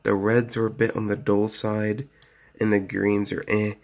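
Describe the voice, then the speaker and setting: A man with a lowish voice and a gravelly, creaky edge talks through a casual product review at his home desk. He rambles with plenty of fillers and keeps saying "so yeah." It sounds like it was picked up by a phone camera. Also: flat delivery, a little slow, darkish tone. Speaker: gaming gear reviewer.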